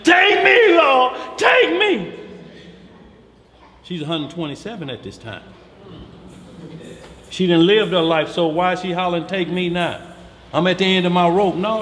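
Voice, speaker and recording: A man teaching scripture in a lively, slangy way, acting out voices as he talks. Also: sits high, long reverb tail. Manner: animated, slangy, acts out voices.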